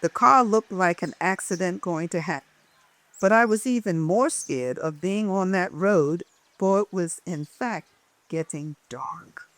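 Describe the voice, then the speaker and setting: A woman reading her own memoir aloud as a lively storyteller who changes her voice for the people in it. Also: lowish voice, measured pace, dry recording.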